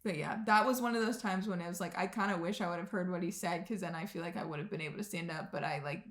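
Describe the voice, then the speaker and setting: A woman's voice: lowish voice, quick pace. Chatty young woman telling stories. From American Midwest. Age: 20s. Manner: animated storyteller, acts out quotes, many "like"s. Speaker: podcast co-host. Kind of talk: casual storytelling chat.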